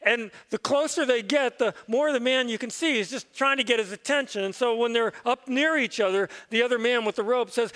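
A man's voice: extremely high pitch, brisk, few pauses, a bit bright, big-room sound. A man, a pastor, telling a parable in a conversational, reflective sermon in church. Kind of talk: sermon storytelling.

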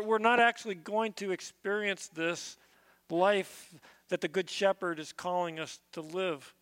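A man's voice: sits high, fairly bright tone. A man preaching a sermon, reading scripture aloud and then teaching on it in an earnest way, often repeating a word as he restarts. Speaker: pastor. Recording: long reverb of a big room.

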